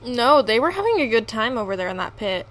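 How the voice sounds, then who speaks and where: A young adult woman co-hosting a podcast, telling a story in animated, casual talk full of slang. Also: a little high, brisk, a loud crowd. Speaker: podcast co-host. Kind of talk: casual chat.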